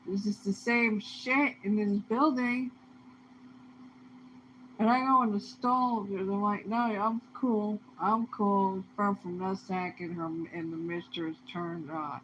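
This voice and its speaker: A woman's voice: medium pitch, fairly even intonation, unhurried, a bit bright. Profane ranting woman, lo-fi recording. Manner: profane, heated, swings between muttering and outbursts. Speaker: vlogger. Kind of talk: angry ranting monologue. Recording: dull lo-fi sound with faint noise.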